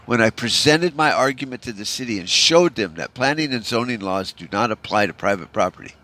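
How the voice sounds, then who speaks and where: A man's voice: mid-range voice, expressive, brisk, bright, forceful tone. A man hosting a solo podcast, delivering a rambling, profane rant in a discouraged, bitter tone, full of "you know" fillers. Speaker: podcast host.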